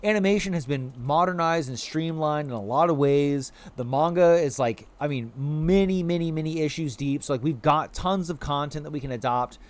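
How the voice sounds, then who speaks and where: With a voice on the high side and barely a pause, this streamer talks at normal speed while playing a video game. He rambles casually to his chat, full of "like" fillers, and playfully coos at the game's creatures.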